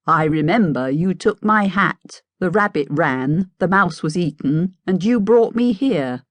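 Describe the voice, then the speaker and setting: A woman's voice: lowish voice, animated, a little slow, no room sound. A woman voicing a mad, sing-songy male hatter with an unhinged, wheedling manner in an audiobook. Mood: petulant. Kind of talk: audiobook character voice.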